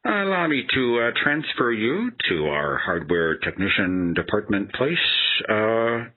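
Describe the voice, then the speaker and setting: A man's voice: fairly low pitch, sing-song, measured pace, narrow, tinny audio. A man voicing an overly polite male tech support agent who repeats formal, apologetic phrases. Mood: polite, scripted.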